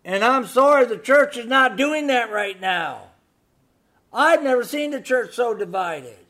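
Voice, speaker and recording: A man preaching a sermon, moving between hushed storytelling and loud, emphatic exhortation full of rhetorical questions. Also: extremely high pitch, lively intonation, unhurried. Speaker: pastor.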